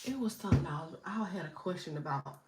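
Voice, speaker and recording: A woman's voice: on the low side, lively intonation, fast, heavy background noise. A woman in her thirties with allergies, chatting casually and animatedly as a livestream host, joking, swearing and laughing often.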